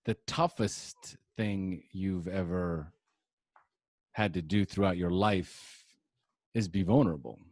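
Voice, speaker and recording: A male podcast host talks in a reflective way and repeats key points to stress them. He speaks slowly and unhurriedly. His voice sits fairly low and sounds dry and close, with little room sound. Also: a little mellow, no echo. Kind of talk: interview conversation.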